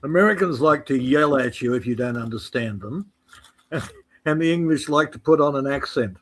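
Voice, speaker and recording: A man's voice: medium pitch, lively intonation, normal speed, low-quality recording. Blunt man in casual chat. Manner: blunt, swears casually, says mate. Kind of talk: casual live-stream chat.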